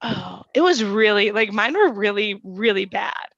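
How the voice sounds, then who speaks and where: A woman's voice: medium pitch, animated, a little slow, gravelly, a bit bright, no room sound. Dry young woman host, lo-fi sound. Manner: dry, blunt, teasing. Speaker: podcast host. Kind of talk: casual chat.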